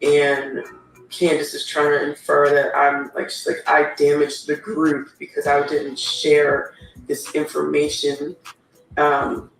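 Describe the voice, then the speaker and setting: A man's voice: a little high, monotone, slow pace, vocal fry, a bit bright, reverberant, recorded from a distance, soft background music, exaggerated voice, poor audio. A man voicing an upset wife defending herself, rambling and defensive.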